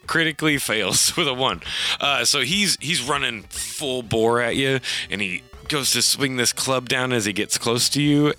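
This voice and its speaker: A man's voice: mid-range voice, moderate pace, sharp tone, faint music behind. A man narrating a tabletop game as game master, loosely, with frequent fillers and laughs.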